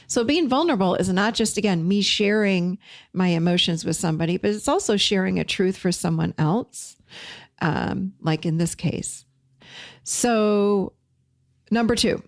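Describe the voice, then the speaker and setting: A woman's voice: fairly low pitch, no room sound, studio quality. A woman hosting a casual talk to listeners, speaking emphatically and repeating key phrases for weight. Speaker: podcast host and teacher.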